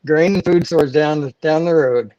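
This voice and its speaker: A fed-up hardware store clerk, as a man plays him in a joke, stern and scolding in a slightly high voice. The sound is dull and dry, like a lo-fi home stream. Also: unhurried, dark tone, no room sound, natural voice.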